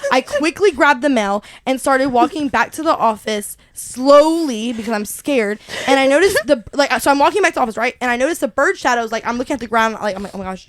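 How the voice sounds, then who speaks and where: A young woman tells a story on a casual podcast, her voice pitched high and her telling animated. She laughs often and acts out what people said. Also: fairly quick, hardly any pauses. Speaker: podcast co-host. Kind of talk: casual chat.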